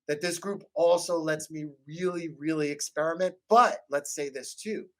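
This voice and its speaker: A man's voice: on the high side, moderate pace. A man in casual podcast chat about tabletop games who rambles, swears and acts out quotes from his table. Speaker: podcast guest or host talking tabletop games.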